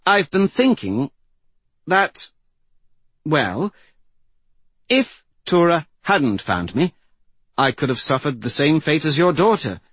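A man voicing a blunt, quick-talking teenage girl mystic, in a raised, lighter voice. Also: fairly high pitch, big pitch swings, a bit bright, breathy edge, dry recording, voice pushed up, full character voice. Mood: wry. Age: teen girl figure.

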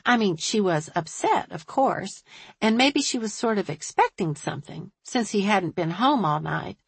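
A woman voicing a shrewd, observant small-town woman who talks briskly and thoughtfully. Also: medium pitch, expressive, creaky, breathy edge, dry recording. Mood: confiding.

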